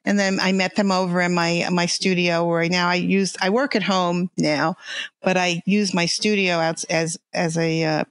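An older woman from the New York area with a New York accent, a guest artist talking casually in a halting way with many restarts. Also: lowish voice, dry recording. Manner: halting, many restarts and fillers, laughs easily. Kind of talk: casual interview chat.

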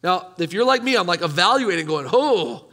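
A man with a high, bright voice preaches a sermon to his congregation, casual in tone but emphatic. He keeps turning to the room with rhetorical questions. The sound has the long, ringing reverb of a church hall. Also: animated, fast. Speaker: pastor.

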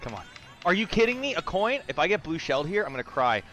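A man casually chatting while streaming a kart racing game, excitable, swearing and shouting at the screen. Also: a little high, fast talker, faint music behind. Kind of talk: casual live gaming chat.

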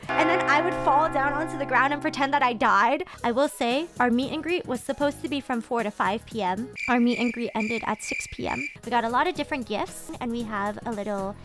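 A young woman vlogging, telling con stories in an animated, chatty way and cutting off her own swear words. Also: on the high side, brisk, few pauses. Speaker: VTuber vlogger. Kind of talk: casual storytelling vlog. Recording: music bed under the voice.

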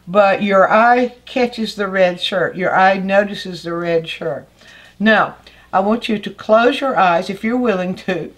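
An older woman teaches art in a patient, explanatory way. Her voice sits at a middle pitch, and she often restarts a phrase before finishing it. She keeps pointing out details as she goes. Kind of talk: art lesson explaining a painting.

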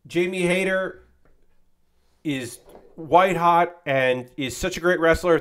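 Male streamer, loose casual chat, rambling and profane, somewhat high voice, eager and heartfelt. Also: fairly bright tone. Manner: rambling, profane, enthusiastic about wrestling; frequent fillers and restarts, acts out quotes animatedly.

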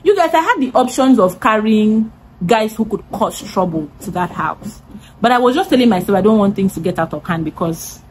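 Animated Nigerian woman telling a story. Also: mid-range voice, brisk, a little hiss or hum. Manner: animated, laughing, swearing. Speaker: vlogger. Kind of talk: storytime vlog.

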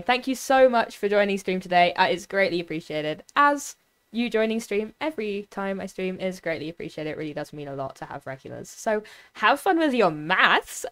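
A woman streaming a game, chatting casually with her viewers and teammates. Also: fairly bright tone. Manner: chatty, talks to chat, voice jumps high when touched. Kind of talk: casual gaming livestream chat.

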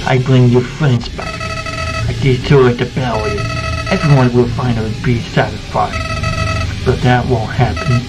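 An adult man voicing a sinister, scheming talking flower villain in a slow, taunting fan voice-over of a video game. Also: medium pitch, fairly even intonation, close to an everyday voice, rough recording. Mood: menacing. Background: game music.

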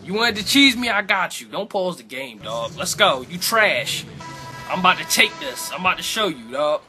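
A man's voice: high-pitched, big pitch swings, moderate pace, music in the background. A young man giving hyped, trash-talking commentary on his own basketball video game match, repeating his taunts. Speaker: gaming YouTuber. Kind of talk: live gameplay commentary.

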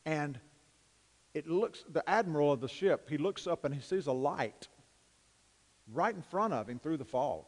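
Emphatic preacher in a reverberant church. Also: male voice, on the high side, lively intonation, normal speed, long pauses. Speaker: pastor. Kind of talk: sermon and prayer. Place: church sanctuary. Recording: long church hall reverb.

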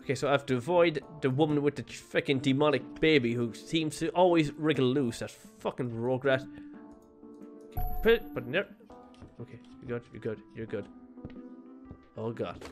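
A man giving excitable let's play commentary, swearing and playing up mock outrage. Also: medium pitch, moderate pace, faint music behind. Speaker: gaming video creator.

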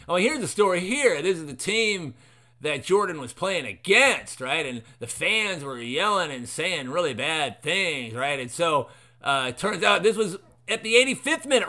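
A man with a bright, forceful voice on the high side hosts a talk show, seated at his computer reading an article. As a podcast host doing sarcastic solo commentary, he rambles with many fillers.

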